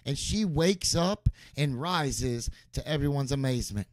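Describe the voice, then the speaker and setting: A man's voice: medium pitch, lively intonation, unhurried, slight background noise. A man preaching a sermon as pastor, emphatic and repeating key phrases for stress.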